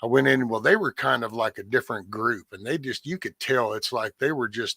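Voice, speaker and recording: A man's voice: medium pitch, fairly quick, creaky, few pauses, husky, no room sound. A man hosting a casual talk, telling a story with energy, acting out other voices and swearing freely. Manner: animated storyteller, acts out quoted voices, swears. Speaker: podcast host.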